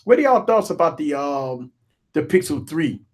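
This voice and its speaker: A man hosting a live tech stream, joking and ranting in an animated, repetitive way. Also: fairly high pitch, moderate pace. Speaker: tech show host.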